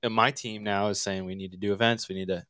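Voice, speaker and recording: A man appearing as a guest on a studio podcast and talking about his business in a relaxed, rambling way through a headset mic. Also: lowish voice, fast, clear, resonant tone, no echo. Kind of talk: casual podcast conversation.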